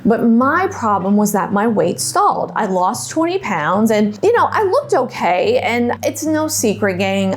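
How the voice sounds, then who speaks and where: A woman's voice: medium pitch, a little hiss or hum. A woman dietitian, telling her personal story to viewers in a chatty, folksy way. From Louisiana.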